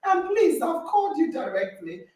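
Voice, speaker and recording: Animated woman host, very high voice, plays out stories, echoey and off-mic. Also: normal speed, recorded from a distance. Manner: animated storytelling, reenacting dialogue with laughter. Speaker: podcast host. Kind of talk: lively online group call chat. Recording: roomy echo, voice from off-mic.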